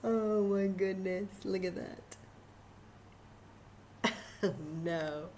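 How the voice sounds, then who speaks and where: A woman librarian reading a picture book aloud at children's story time, animated and enthusiastic, talking to the kids. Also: medium pitch, extremely slow, slight background noise.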